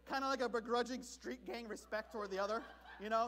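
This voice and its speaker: A man from Southern California preaching a sermon as pastor, telling a story in an animated, comic way. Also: extremely high pitch, brisk.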